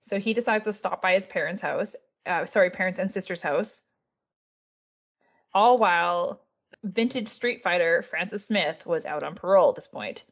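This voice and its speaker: A woman's voice: fairly low pitch, normal speed. A woman hosts a casual podcast, spinning a history story in a breezy, offhand way. She swears freely and is amused by her own material. The recording sounds slightly dull and lo-fi. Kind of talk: casual chat.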